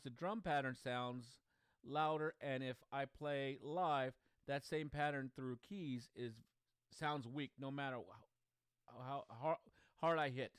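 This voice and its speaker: A man's voice: fairly high pitch, clear, resonant tone, dry recording, clean studio sound. Man hosting a casual livestream. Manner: chatty, talks to himself while fiddling with settings. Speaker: host.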